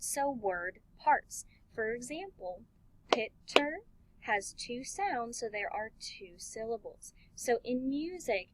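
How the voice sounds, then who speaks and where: A woman music teacher giving an elementary music lesson, talking slowly and clearly and encouraging the class. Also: on the high side, poor audio. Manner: slow, clear, encouraging teacher talk with sung and chanted examples.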